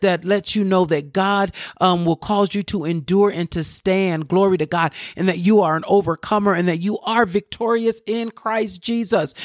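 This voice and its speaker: A woman preaching an encouraging sermon, fervent, often breaking into praise and slowing down to read scripture aloud. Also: fairly low pitch, no echo, clean studio sound. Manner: fervent, repeats praise exclamations. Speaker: preacher and podcast host.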